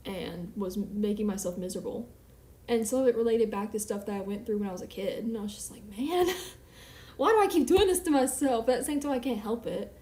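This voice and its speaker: A woman's voice: medium pitch, mellow. A woman chatting candidly on a live stream from her apartment living room floor, rambling and self-deprecating. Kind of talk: casual chat on a live stream. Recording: roomy echo.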